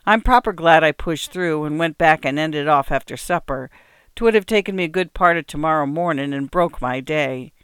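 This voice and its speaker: A woman's voice: low-pitched, normal speed, fairly bright tone, smooth, no echo, studio quality. A woman reading aloud and voicing a kind-hearted, hardworking farmer in old rural dialect, earnest and homely in manner. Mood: contented. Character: kindly hardworking farmer man, cheerful yet grieving.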